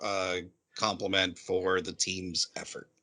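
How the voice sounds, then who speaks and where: A man co-hosting a podcast, adding quick comments during a casual anime discussion. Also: sits low, level tone, pushed and bright. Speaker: podcast co-host.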